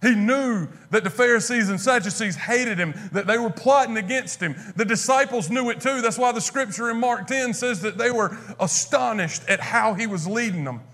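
A man with a high voice preaches a sermon. He talks in a conversational way and acts out the words of figures from scripture as he goes. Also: normal speed, few pauses, a bit bright.

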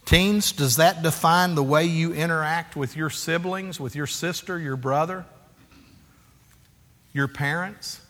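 A man in his forties preaching a sermon as a pastor, animated and confessional, acting out quotes and calling for amens. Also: a little high, a little slow. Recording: echoey hall.

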